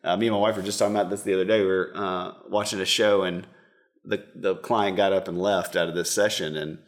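A man's voice: low voice, fairly even intonation, quick pace. A man who works as a counselor, talking in a casual interview in an earnest, rambling way and acting out quoted dialogue.

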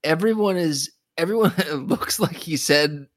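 A man's voice: a little high, a little slow, dry recording, clean studio sound. A man co-hosting a podcast in casual chat, rambling with restarts and laughing as he talks. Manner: rambling, many restarts, laughs while talking. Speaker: podcast co-host.

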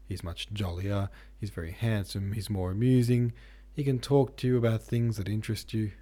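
A lovesick young man in a storybook reading, keeping his voice measured and calm while hurt underneath, as a man reads him in a low, mellow, husky voice. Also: natural voice. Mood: rueful.

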